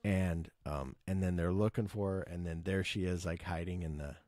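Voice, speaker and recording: Deep-voiced man gushing about a film. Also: normal speed, dark tone, no echo, studio quality. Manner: enthusiastic, swears, acts out quotes. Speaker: film fan retelling scenes. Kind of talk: casual movie recap.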